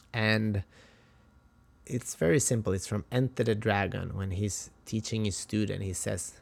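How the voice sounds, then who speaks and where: A Swedish man with a Swedish accent and a lowish, gravelly voice hosts a podcast, telling a travel story as a casual monologue. He is chatty and motivational, with frequent restarts.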